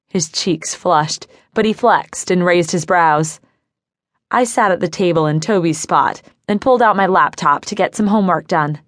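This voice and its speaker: A woman reading a novel aloud in first person, in a measured, even storytelling manner, close to the mic. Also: lowish voice, dry recording. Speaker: audiobook narrator. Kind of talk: first-person scripted narration.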